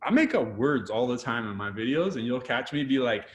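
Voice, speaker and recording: Energetic Canadian man giving video tips. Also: medium pitch, brisk, dull audio. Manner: energetic, animated, acts out quotes. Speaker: guest photographer. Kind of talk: casual video interview.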